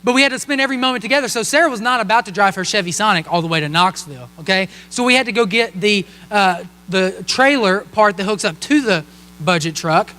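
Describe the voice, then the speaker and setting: A young man in his twenties, a pastor telling a joking personal story in a sermon, animated and playful. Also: high-pitched, fairly quick. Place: church hall. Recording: long hall reverb.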